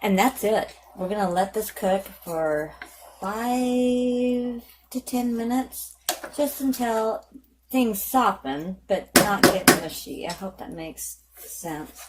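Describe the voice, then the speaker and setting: Cooking in her kitchen for a home vlog, a woman chats casually and rambles, full of fillers, restarts and self-corrections. Her mid-range voice moves slowly, with a little background noise.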